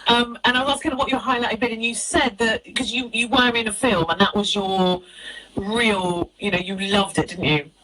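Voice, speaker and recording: A woman host chatting casually with a guest, quick and chatty, with plenty of fillers. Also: fairly high pitch, steady tone, pushed and bright, rough recording. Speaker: host, tour guide. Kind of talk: casual interview chat.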